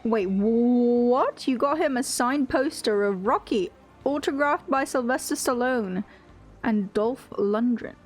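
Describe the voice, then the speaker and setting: Young woman, game streamer, unhurried chatty talk, highish voice, faint music behind. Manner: chatty, giggly, reads chat aloud. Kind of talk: casual live-stream chat while gaming.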